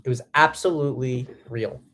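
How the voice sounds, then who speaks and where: A man's voice: mid-range voice, fairly even intonation, moderate pace, bright, forceful tone. A man giving solo political commentary as host, blunt and profane, with emphatic bursts. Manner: acts out quotes in a harsh voice.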